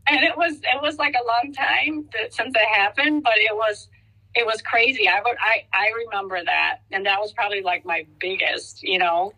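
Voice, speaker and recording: A bright, forceful-sounding middle-aged woman chatting as an interview guest. She talks in halting bursts full of restarts, then turns animated whenever she acts out what someone said to her. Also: a little high, poor audio. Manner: halting, many restarts, animated quoted reactions. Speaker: guest, hairstylist. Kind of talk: casual interview chat.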